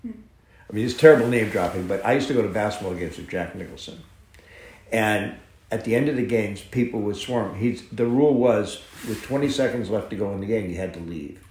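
A man being interviewed, telling a long anecdote with lively shifts in voice as he acts out the people in it. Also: on the low side, a little fast. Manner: animated, acts out dialogue in the story. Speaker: interview guest, horse farm owner. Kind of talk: anecdotal storytelling. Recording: roomy echo.

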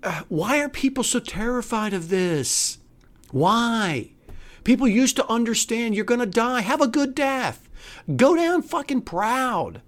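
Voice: mid-range voice, lively intonation, a little slow. A podcast host delivering an angry, profane, sarcastic solo rant. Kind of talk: solo ranting monologue.

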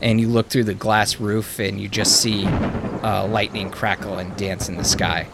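A man narrating a tabletop game as game master, casual, with quick asides. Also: fairly low pitch, flat delivery, gravelly, very noisy.

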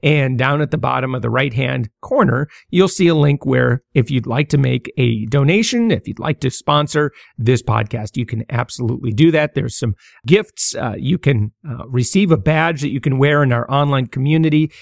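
A man's voice: mid-range voice, moderate pace, creaky, no echo, studio quality. Stammering man hosting a podcast. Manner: stammering, many fillers and restarts. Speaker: podcast host. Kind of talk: casual solo podcast talk.

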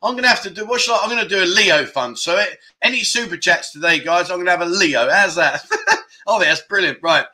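Chatty man in his fifties, bright-edged. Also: sits high, brisk. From United Kingdom. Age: 50s. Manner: chatty, jokey, rambling with lots of asides. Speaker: livestream host. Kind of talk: casual chat show, reading viewer comments.

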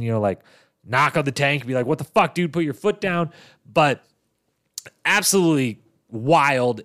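Young guy podcasting, chatty recap, gets loud and excited at times. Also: medium pitch. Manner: animated, swings into loud exclamations. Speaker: podcast host. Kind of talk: casual recap commentary.

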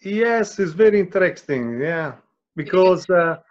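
A man with an Italian accent, an artist whose first language is Italian, speaking halting broken English on a lo-fi video call. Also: sits high, animated.

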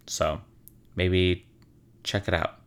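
A man's voice: low-pitched, fairly even intonation, extremely slow. A man hosting, telling stories in a casual, wry and sarcastic way, swearing freely. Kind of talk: casual storytelling.

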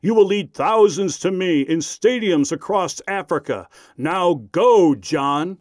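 A man voicing a young prankster who poses as God over a radio in slow, solemn pronouncements. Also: high voice, no room sound, clean studio sound, pitched above the performer's own voice.

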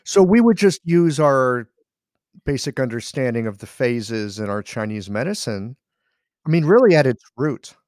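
A man's voice: mid-range voice, big pitch swings, moderate pace, darkish tone, no room sound, clean studio sound. A man hosting an interview, asking curious questions and thinking aloud as he goes. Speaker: host, interviewer. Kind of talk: casual interview chat.

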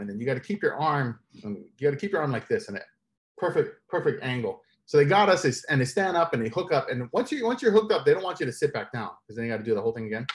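Male interview guest, middle pitch, lively storyteller who laughs often. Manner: animated, laughs often while telling stories.

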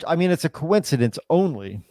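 A man's voice: fairly high pitch, very animated, brisk, mellow, no room sound. A man in casual podcast chat, rambling and swearing constantly, with lots of "like" and "dude".

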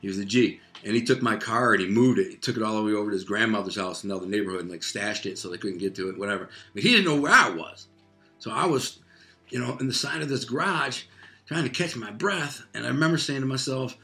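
A man's voice: mid-range voice, sharp tone. A man casually telling a personal story in loose, profane street talk, full of fillers like "man" and "like.".

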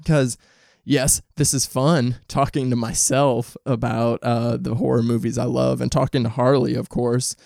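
Man, podcast host, gravelly voice, dry rough throat, rambling and swearing, dead dry sound. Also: mid-range voice, little pitch movement, unhurried, darkish tone, no echo. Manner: rambling, candid and profane, with frequent restarts. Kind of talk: casual solo podcast chat.

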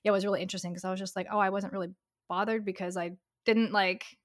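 A woman talks in a loose, unscripted conversation. Her voice sits in a middle pitch, and she speaks candidly and emphatically, leaning on "like" between her thoughts. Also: fairly even intonation, fast talker. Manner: talkative, heavy use of "like", candid and emphatic. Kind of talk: casual chat.

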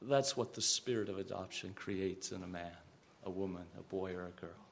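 A man's voice: deep voice, normal speed, gravelly, slight background noise. A man pastor preaching a sermon with earnest emphasis, sometimes repeating words and raising his voice on quoted cries.

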